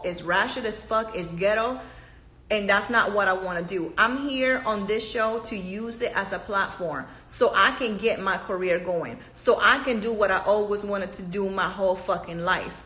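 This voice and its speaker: A woman vents to camera, blunt, emphatic and full of profanity. Her voice is bright and forceful, and it rings around an echoey room. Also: medium pitch. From Panama. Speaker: reality TV cast member. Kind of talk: casual profane rant to camera.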